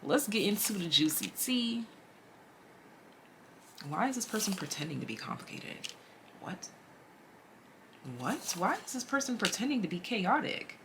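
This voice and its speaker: A woman giving a casual, chatty tarot reading straight to her viewers, animated and slangy. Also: mid-range voice, measured pace, pauses often, a little hiss or hum. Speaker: tarot reader.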